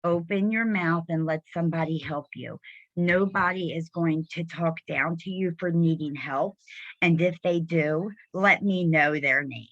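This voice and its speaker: A woman's voice: on the low side, unhurried, dry recording. A middle-aged woman hosting a casual video call, encouraging and enthusiastic. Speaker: host. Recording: dull lo-fi video call audio.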